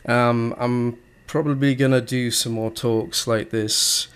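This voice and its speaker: Young man, gaming vlogger, casual rambling talk, lots of ums and you-knows, mid-pitched voice. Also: flat delivery, takes it slowly, clear, resonant tone. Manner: hesitant, many fillers and restarts. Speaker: gaming video host.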